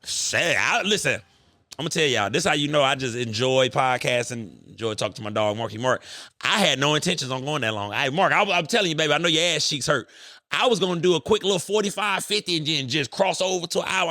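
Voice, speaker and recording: A man in his thirties hosting a podcast, telling stories in an animated, profane, bantering way. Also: on the high side, quick pace, dry recording, clean studio sound. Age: 30s. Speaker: podcast host. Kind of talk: casual podcast chat.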